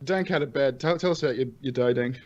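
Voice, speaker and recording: A man co-hosting a casual podcast chat, prompting with questions and quick interjections. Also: mid-range voice, lo-fi sound. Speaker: podcast co-host. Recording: loud background noise.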